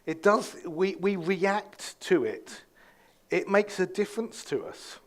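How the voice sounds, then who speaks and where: A man preaching a sermon in a relaxed, conversational way. His voice sits somewhat high for a man. He stops and restarts often, with plenty of fillers. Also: slow. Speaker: pastor.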